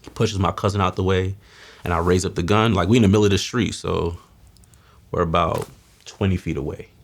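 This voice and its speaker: Low gravelly New man, candid. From Mount Vernon, New York. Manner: streetwise, slangy storytelling, voice dropping low and quiet at heavy moments. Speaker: guest telling his life story. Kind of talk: candid testimony.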